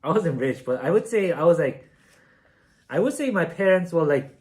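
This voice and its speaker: A man's voice: on the high side, lively intonation, normal speed, darkish tone. A young man from South Korea casually telling a story while baking, rambling and self-deprecating, with many fillers. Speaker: streamer.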